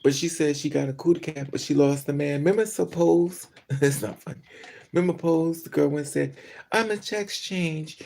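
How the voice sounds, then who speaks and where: A woman's voice: sits low, steady tone, a little fast, gravelly, warm tone. A woman vlogger telling stories in a casual, profane, gossipy monologue and often laughing between remarks.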